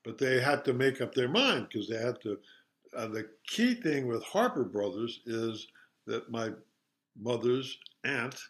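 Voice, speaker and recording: An older man, an interview guest, retelling a children's story in a halting, casual way with many fillers. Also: medium pitch, lively intonation, a bit bright.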